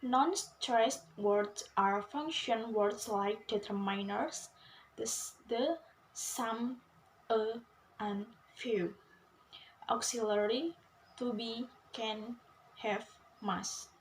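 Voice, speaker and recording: A young woman with an Indonesian accent, a student reading a pronunciation assignment slowly and carefully, repeating each example sound. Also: fairly high pitch, a little hiss or hum, rough recording. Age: young adult. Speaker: student presenter.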